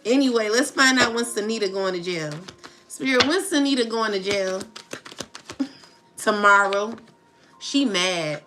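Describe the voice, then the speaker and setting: A woman with a medium-pitched voice gives a casual tarot reading at a moderate pace, taunting and laughing as she addresses her viewers. Music plays underneath, adding background noise.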